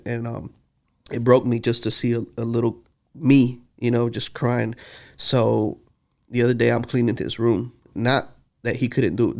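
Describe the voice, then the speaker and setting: A man's voice: medium pitch, vocal fry, a little mellow. A man, telling heartfelt stories in a casual podcast conversation. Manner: earnest, heartfelt storytelling. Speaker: podcast co-host.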